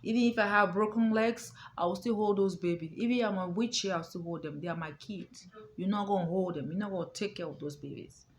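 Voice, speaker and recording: A woman's voice: medium pitch, fairly quick, slight background noise. A woman telling a family story to her viewers in a casual, emphatic way, repeating her points and checking that the listener understands. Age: adult. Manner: emphatic, repetitive, addresses listener directly.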